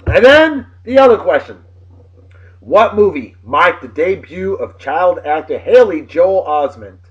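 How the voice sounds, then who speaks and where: A man from New of the region, hosting a casual video blog with boisterous, jokey shout-outs. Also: high-pitched, expressive, a little slow, dull audio. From New England.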